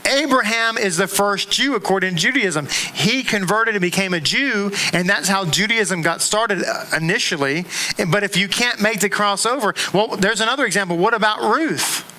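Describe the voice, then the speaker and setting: A middle-aged man teaching a class to a congregation in a synagogue classroom, speaking in an animated way, repeating words and making asides and jokes to the room. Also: high voice, moderate pace, rough recording.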